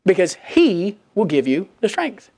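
A woman preaching a sermon in a conversational, animated way, acting out the voices she quotes. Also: medium pitch, a little slow, slightly rough, no room sound.

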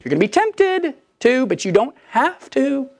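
A woman delivers a sermon in a relaxed, conversational manner, acting out the voices of the people she quotes. Her voice sits fairly high and moves all over its range. The sound is close and dry, with no room in it. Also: moderate pace, no echo. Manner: animated, conversational preaching that acts out quoted voices. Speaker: preacher.

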